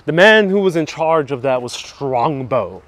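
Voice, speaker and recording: A man's voice: on the high side, expressive, unhurried, a bit bright, no room sound. Chatty man live-streaming a town walk. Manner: chatty, joking, reads out viewer comments and answers them. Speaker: travel vlogger hosting a live stream. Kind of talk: casual live-stream chat while walking. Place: outdoors on town streets. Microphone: wireless clip-on mic.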